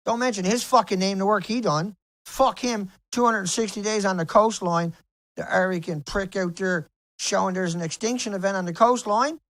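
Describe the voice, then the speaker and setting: A man's voice: high voice, normal speed, a bit bright, dry recording, rough recording. A man ranting to camera in an angry vlog, heated and profane, repeating himself. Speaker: video blogger.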